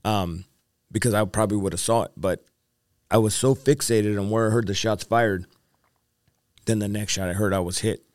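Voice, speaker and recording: A man's voice: lowish voice, steady tone, moderate pace, long pauses, darkish tone, no room sound, clean studio sound. A male evangelist, the interview guest, tells his story in an earnest, rambling way with repeated phrases and fillers. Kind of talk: testimony in a podcast interview.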